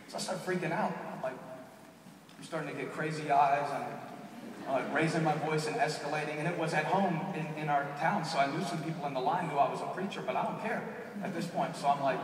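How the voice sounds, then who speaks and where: A man's voice: a little high, steady tone, brisk, a little hiss or hum. A man, a pastor telling a story and preaching a sermon at a large conference. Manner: storytelling, builds to shouted preaching. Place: large arena. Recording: echoey arena from far off.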